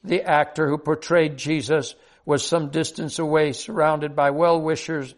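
Earnest, high-voiced older man. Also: level tone, unhurried. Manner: earnest and heartfelt. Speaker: devotional storyteller. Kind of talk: devotional personal story reading.

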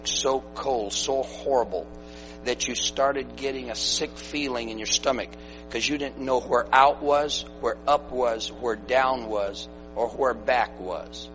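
A man preaching a sermon, moving from loud exhortation to hushed, quiet storytelling. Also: medium pitch. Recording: dull lo-fi recording with faint music and mains hum.

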